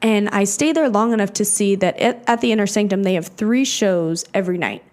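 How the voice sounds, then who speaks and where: A woman's voice: mid-range voice, fairly quick, darkish tone. A woman in her twenties co-hosting a podcast, chatting casually with lots of "like" fillers and loose swearing. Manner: chatty, filler-heavy, swears freely, acts out quotes. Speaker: podcast co-host. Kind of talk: casual chat.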